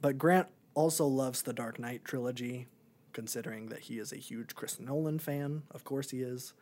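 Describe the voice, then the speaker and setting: A man's voice: mid-range voice, normal speed, a little mellow. Young man, podcast co-host, casual movie chat, rambling, lots of ums. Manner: rambling, many ums and likes.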